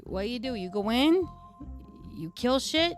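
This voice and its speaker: A brash, foul-mouthed redcap fae, played by a woman, rambles in a tough New York-ish street drawl. The voice sits fairly high, and soft music plays faintly behind it. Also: big pitch swings, measured pace. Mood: gruff banter. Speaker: streamer in character. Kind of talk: in-character chat on a live stream.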